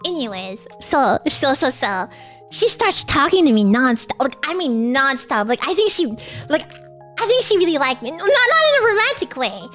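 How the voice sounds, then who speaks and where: Woman, streamer, very high voice, lively pitch, giggly, rambling, casual livestream storytelling. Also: normal speed, soft background music. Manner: giggly, rambling, lots of fillers.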